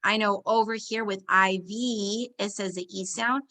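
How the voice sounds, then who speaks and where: A woman teacher, slowly leading young children through a phonics lesson, sounding out words and giving warm encouragement. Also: mid-range voice, fairly even intonation, vocal fry.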